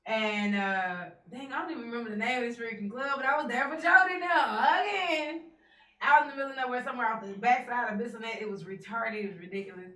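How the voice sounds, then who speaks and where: Bright, loud Texan woman host in an echoey room. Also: fairly high pitch, fast talker, distant mic. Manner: loud, laughing storyteller, Southern Black vernacular. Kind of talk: casual chat.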